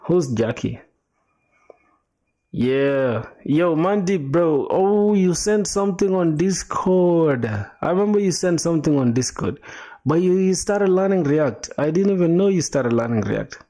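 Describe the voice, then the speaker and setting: A young man with a fairly high-pitched, dark-toned voice sounds animated yet unhurried. He chats casually with viewers on a coding livestream, laid-back and slangy, explaining things as he thinks aloud. He answers chat with fillers and restarts.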